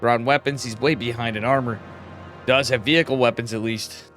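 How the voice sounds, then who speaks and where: Man, tired, esports caster, casual chatty commentary, mid pitch, game music clearly behind. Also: steady tone, brisk, a bit bright. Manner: casual and chatty, rising sharply when a fight breaks out. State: tired, yawning. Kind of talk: solo live game commentary.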